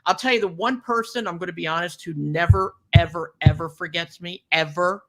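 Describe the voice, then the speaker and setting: An older woman hosting a podcast, telling chatty, animated stories and laughing often. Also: on the low side, brisk. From New Jersey. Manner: animated, chatty storyteller who laughs a lot. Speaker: podcast host. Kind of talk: casual chat.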